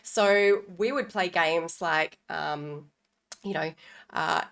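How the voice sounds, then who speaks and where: A woman's voice: lowish voice, slow, vocal fry. Woman teaching parents about reading skills. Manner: warm, playful modeling of sound games with children. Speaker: literacy educator and podcast host. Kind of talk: informal teaching talk to parents.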